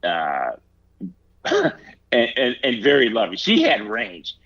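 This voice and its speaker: A man in his sixties from Ohio, a guest talking casually in an interview, halting and reflective with many fillers and restarts. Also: mid-range voice, huge pitch swings, a bit bright, slightly rough, no room sound, muffled recording. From Ohio, USA.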